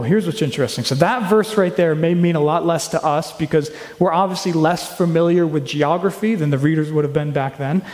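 A man's voice: a little high, darkish tone. Earnest male pastor in echoey hall. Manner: earnest, rhetorical questions to the congregation. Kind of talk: sermon. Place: church sanctuary.

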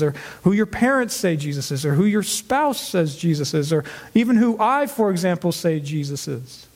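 Man, pastor, high-pitched voice, earnest sermon, repeats words for emphasis. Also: a little mellow. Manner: earnest, repeats words when stressing a point. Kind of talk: expository sermon.

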